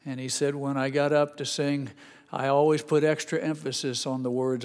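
A man preaching a sermon as pastor, halting and repeating words, then rising to emphatic, higher passages. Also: level tone, darkish tone, long reverb tail.

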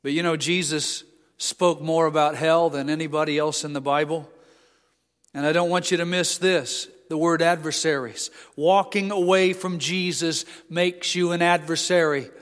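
A male preacher delivers a sermon with a slightly high voice. He swings between fervent emphasis and quiet, low asides. His voice carries with the long reverb of a large hall. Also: fairly even intonation, moderate pace. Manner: impassioned, rising to emphatic peaks then dropping low.

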